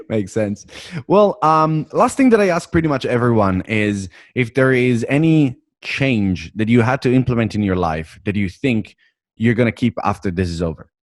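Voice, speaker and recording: A man's voice: medium pitch, lively intonation, normal speed, dry recording, studio quality. A man hosting a podcast in casual chat, enthusiastic and laughing often. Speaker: podcast host.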